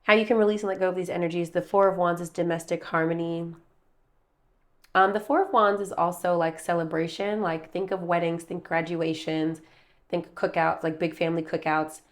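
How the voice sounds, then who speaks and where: Tarot reader, woman, casual and rambling, slightly low voice, talks to viewers from home. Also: fairly even intonation, moderate pace. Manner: chatty, rambling, calls viewers babe and baby. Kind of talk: casual tarot reading to camera. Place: her room at home.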